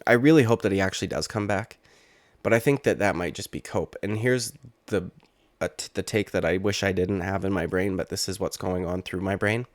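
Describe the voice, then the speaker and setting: This late-twenties MMA YouTuber speaks in a low-pitched voice with no echo. He riffs casually on fight news, wandering off topic and swearing freely.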